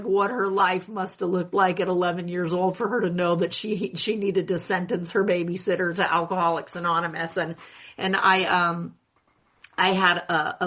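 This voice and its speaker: A woman's voice: fairly low pitch, a bit bright. A woman in her sixties from California, sharing her story at a recovery meeting in a wry, self-mocking way. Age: 60s. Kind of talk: candid personal share at a meeting. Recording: dull lo-fi meeting recording.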